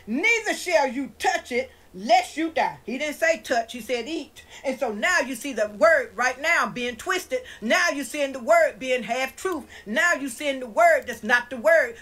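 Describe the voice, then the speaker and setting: A woman's voice: high-pitched, fairly bright tone, rough recording. A woman preaching an informal sermon and reading scripture aloud, who puts questions to her listeners and then answers them herself.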